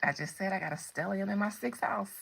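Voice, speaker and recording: A woman's voice: medium pitch, fairly quick, creaky, fairly bright tone, husky, rough recording. A woman hosting a casual tarot livestream, chatting with viewers and laughing often. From United States. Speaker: tarot reader and livestream host.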